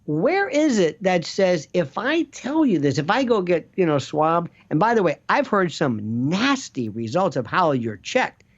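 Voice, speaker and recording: A man's voice: sits high, a little slow, few pauses, highs cut off. A man rambling animatedly as a guest on a casual talk show, jumping between thoughts. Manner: rambling, animated, slips into quoted voices. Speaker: guest commentator. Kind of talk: casual chat.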